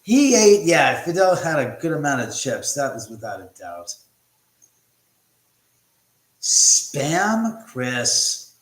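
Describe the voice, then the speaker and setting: A man's voice: medium pitch, lively intonation, moderate pace, a bit bright. Middle-aged guy rambling on a livestream from home, jokey, swears a lot, roomy echo on a phone mic. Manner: chatty and joking, cursing freely. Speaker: livestream host. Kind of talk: casual livestream chat, reading viewer comments. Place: room in his house. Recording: echoey room.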